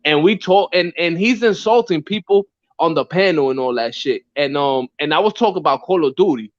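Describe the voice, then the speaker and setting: High-pitched male co-host, animated storyteller, muffled lo-fi podcast audio. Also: brisk. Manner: animated storyteller, slips into impressions of others. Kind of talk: casual street-talk podcast chat. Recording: dull lo-fi audio.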